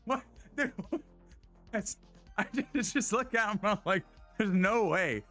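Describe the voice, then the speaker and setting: A man's voice: extremely high pitch, measured pace, pushed and bright, faint music behind. A young man streaming live and telling a story in casual, rambling chat. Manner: rambling, many restarts and laughs.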